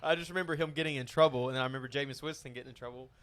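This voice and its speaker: A man's voice: medium pitch, fairly even intonation, rapid-fire, a bit bright, a little hiss or hum. A young adult man, a podcast co-host, teasing his friends in casual banter.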